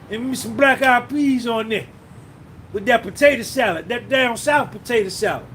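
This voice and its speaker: A man hosts a loose livestream chat, rambling and cursing freely as he reminisces and answers viewers by name. His voice sits high for a man, and a faint hiss runs underneath. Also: a bit bright. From New Jersey. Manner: rambling, profane, reminiscing, reading out chat names. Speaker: podcast host.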